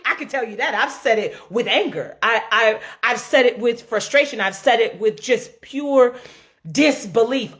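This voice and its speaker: A woman giving an informal sermon with dramatic swings from shouts to low, quiet lines and humorous asides. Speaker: preacher.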